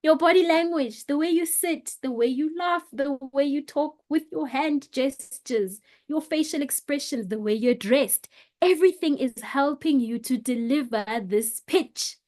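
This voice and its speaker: A woman gives a motivational lesson on pitching. Her voice sits a little high and she delivers it with emphatic, animated energy, leaning on words and shifting her pace to make a point. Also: a little slow. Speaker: presentation coach.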